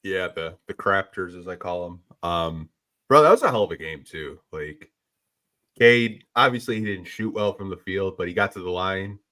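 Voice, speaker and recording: A man with a very low voice co-hosting a casual sports podcast. He rambles in a laid-back way and fills his talk with "like" and "dude". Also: moderate pace, bright, forceful tone. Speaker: podcast co-host.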